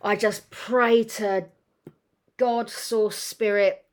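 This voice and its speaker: A middle-aged woman co-hosting a podcast, talking in a blunt, excitable way and swearing freely in casual chat. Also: mid-range voice, slow. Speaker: podcast co-host.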